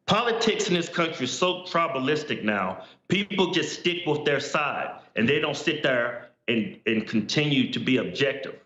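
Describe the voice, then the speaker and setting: A man's voice: mid-range voice, animated, normal speed, few pauses, pushed and bright. A man who is a guest in a political interview, speaking emphatically in short, opinionated statements. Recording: roomy, dull remote audio.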